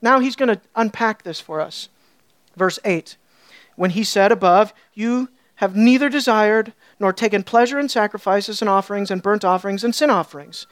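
A woman's voice: normal speed, dry recording. A woman preaching a sermon, emphatic and questioning her listeners, her voice rising when she stresses a point. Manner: emphatic, asks the audience questions; rises loud and high when stressing points.

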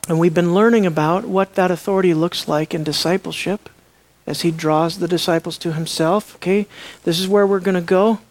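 Preacher mid-sermon, middle pitch, goes loud and high then quiet and low, throws questions at the crowd, dry sound. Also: no echo. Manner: animated, swings between loud high emphasis and low quiet asides; asks the audience rhetorical questions.

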